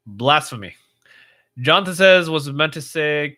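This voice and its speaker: Bright-voiced man chatting on a livestream. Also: mid-range voice, expressive, unhurried. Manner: chatty, rambling, reads viewer comments aloud with frequent fillers. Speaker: livestream host. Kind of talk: casual livestream chat reading comments.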